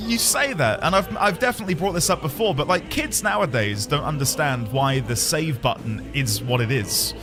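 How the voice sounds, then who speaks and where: A man streaming a video game, chatting casually with viewers in a rambling, jokey way. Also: a little high. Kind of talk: casual gaming commentary. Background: game music.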